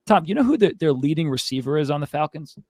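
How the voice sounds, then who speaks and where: Heated male sports host, ranting to a co-host, slightly high-pitched, dry and close. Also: expressive, fast talker, darkish tone, no echo. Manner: fired-up, exasperated ranting with frequent asides. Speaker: fantasy football show host.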